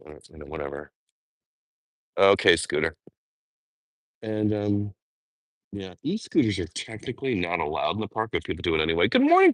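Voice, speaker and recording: A man's voice: fairly low pitch, a bit bright, dry recording. A man chatting casually on a live walking vlog outdoors in a park, rambling with fond asides. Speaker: vlogger.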